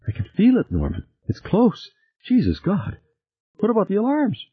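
A man doing a tense, lively woman scientist. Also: normal speed, husky, dry recording, heavily acted. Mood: frightened. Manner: higher pitched, lively, urgent. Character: tense, determined woman scientist on a seafloor mission. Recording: tinny lo-fi recording.

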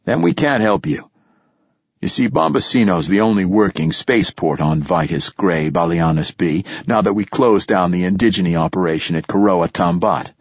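Brief: narrator putting on a blustering commander barking orders, low husky voice, dullish recording. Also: male voice, normal speed, no echo, lo-fi sound. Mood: evasive. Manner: blustering, rising to shouting when angry. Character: blustering, profane male base commander.

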